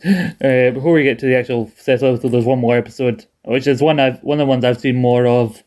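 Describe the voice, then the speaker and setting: A man's voice: medium pitch, fairly even intonation, fairly quick, a little mellow. A young man chatting casually as a podcast co-host, rambling and laughing often as he recaps a cartoon episode. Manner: rambling, laughs often, quotes lines in put-on voices.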